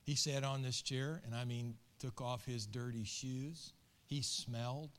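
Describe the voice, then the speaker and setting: A man's voice: medium pitch, steady tone, a little slow, fairly bright tone. A middle-aged man, a pastor, telling a story in an earnest, emotional and colloquial sermon.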